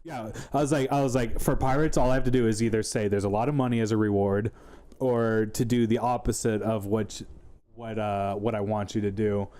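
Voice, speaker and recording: Mellow-voiced young man chatting. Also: on the low side, fairly even intonation, brisk. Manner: rambling, laughing, acts out players' voices. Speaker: game master and podcast host. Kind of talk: casual podcast chat.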